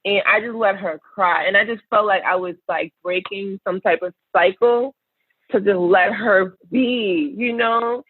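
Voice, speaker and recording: A woman in her thirties recounting her own experiences with earnest, searching reflection, pausing and restarting as she finds the words. Her voice arrives through a thin, phone-like line with almost no room sound around it. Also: mid-range voice, dry recording. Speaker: podcast guest, entrepreneur. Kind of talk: personal storytelling in conversation. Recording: tinny phone-like line, dry.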